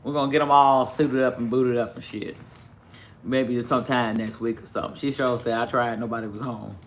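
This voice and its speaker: A man's voice: mid-range voice, steady tone, moderate pace, slight background noise. A man giving blunt, heated livestream commentary, swearing constantly as he rants. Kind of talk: profane ranting commentary.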